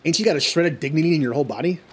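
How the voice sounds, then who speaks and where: Guy reading as a tough loud-mouthed warrior lady, own voice, a bit high. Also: racing, husky, soft background music. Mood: defiant. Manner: plain reading in his own voice. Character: brash, tough-talking warrior woman.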